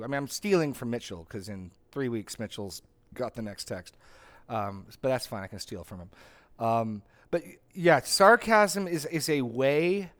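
A man's voice: medium pitch, expressive, measured pace. Man leading a Bible study. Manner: conversational, full of restarts and asides. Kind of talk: teaching a group discussion.

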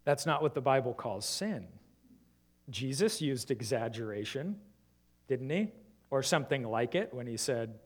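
A man's voice: mid-range voice, lively intonation, a little slow. Man preaching with rhetorical questions. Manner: asks the congregation many rhetorical questions. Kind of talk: sermon.

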